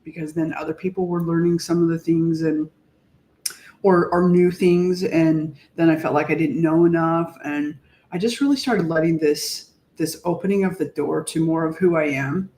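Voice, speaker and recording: A woman's voice: low-pitched, fairly even intonation, warm tone. Reflective woman in an echoey room. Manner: reflective, halting, searching for words. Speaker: podcast co-host. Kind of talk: casual heartfelt conversation.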